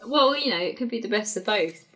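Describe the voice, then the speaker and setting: A woman's voice: medium pitch, lively intonation, a little fast, crowd noise. A woman co-hosting a comic podcast, making dry, chuckling remarks. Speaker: podcast co-host. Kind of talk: casual banter.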